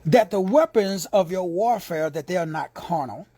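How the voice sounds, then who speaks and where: A man with a Texan accent preaching an informal sermon, playful and slangy, who drops into hushed whispers for asides. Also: sits high, expressive, normal speed, husky, no echo. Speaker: preacher and teacher.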